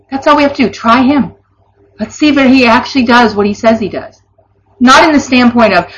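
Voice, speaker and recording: A woman's voice: sits high, lively intonation, normal speed. A woman giving an informal Christian devotional teaching, earnest and conversational, with laughing asides. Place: online or broadcast session. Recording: dull lo-fi recording.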